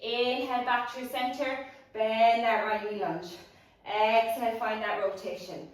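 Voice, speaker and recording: Woman coaching a pilates class, kinda high voice, big echoey room, mic sits a bit far off. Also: a little slow. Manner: encouraging, steady counting cues. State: out of breath at times. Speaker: pilates instructor. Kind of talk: guided workout cueing. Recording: roomy echo, voice from a distance.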